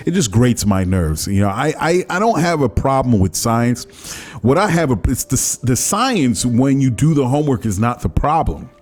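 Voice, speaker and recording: A man's voice: fairly low pitch, a little mellow. A man hosting his own podcast, talking casually and animatedly, often laughing and mimicking other people's voices. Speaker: podcast host. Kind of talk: casual monologue. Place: home.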